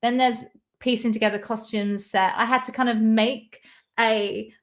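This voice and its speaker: A woman's voice: a little high, fairly even intonation, unhurried. A young British woman chatting casually on a livestream, reading out viewer comments, rambling and laughing often. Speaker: YouTuber reading live chat.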